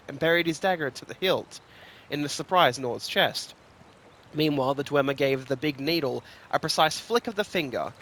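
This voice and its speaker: A man reading fantasy lore stories aloud in an expressive, rhythmic storytelling manner. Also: mid-range voice. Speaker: lore reader.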